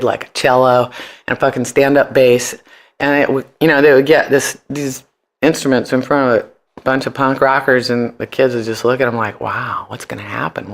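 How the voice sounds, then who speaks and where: A middle-aged man talking as a guest in a loose, storytelling way. He is brash and profane, and his delivery is animated. His voice sits at a medium pitch. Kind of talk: casual interview storytelling.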